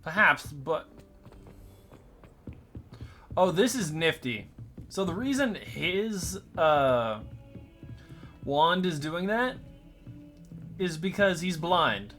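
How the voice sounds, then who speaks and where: A streamer jokes along while playing, talking slowly with a bright, pointed tone. They slip into a mock posh voice now and then, with faint game music underneath. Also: medium pitch, very animated. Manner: playful, joking, puts on a mock posh voice. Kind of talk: casual let's-play commentary.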